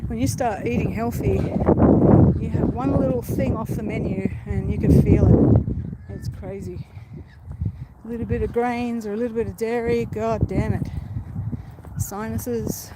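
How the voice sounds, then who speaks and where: A woman's voice: on the high side, steady tone, a little slow. A woman rambling casually to viewers as she walks through a park, filming on her phone. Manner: chatty, rambling, easily distracted. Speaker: vlogger. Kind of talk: casual live-stream walk. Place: outdoors in a park. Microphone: phone held while walking. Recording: faint outdoor background noise.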